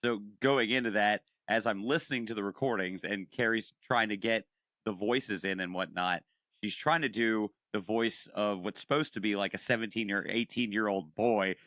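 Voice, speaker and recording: Bright-voiced man hosting a podcast. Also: lowish voice, normal speed, dry recording, studio quality. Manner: relaxed storyteller, quotes others. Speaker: podcast host. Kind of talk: casual podcast chat.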